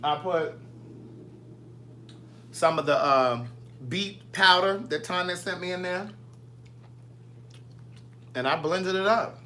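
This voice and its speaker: A man's voice: sits high, slow pace, pauses often, bright, forceful tone. A man, chatting casually from his home kitchen as a vlogger, playfully answering viewer comments. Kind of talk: casual live chat with viewers.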